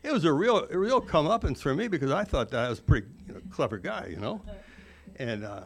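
A man's voice: fairly high pitch, big pitch swings, quick pace, a little hiss or hum. A man in his forties telling a rambling, self-mocking personal recovery story, full of "you know" asides. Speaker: recovery speaker.

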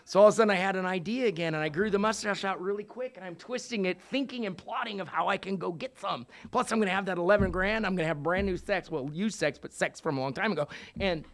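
A man in his sixties with a notably high voice tells a personal recovery story. He is animated and profane, dropping into hushed asides and then rising to loud bursts. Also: fast talker. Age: 60s. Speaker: recovery meeting speaker. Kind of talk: storytelling talk.

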